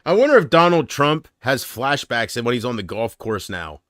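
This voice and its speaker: A man's voice: mid-range voice, big pitch swings, normal speed, a bit bright, no room sound, studio quality. A man hosting his own livestream, rambling casually and joking, often laughing at his own jokes. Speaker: livestream host.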